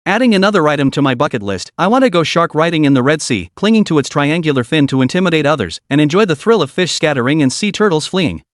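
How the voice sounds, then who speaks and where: Over a dry, close recording, a man narrates a story recap. His pitch sits a little high, and it moves around a great deal as he reads the scripted lines. The delivery has the steady pull of a storyteller keeping listeners hooked. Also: fast talker, few pauses, no room sound.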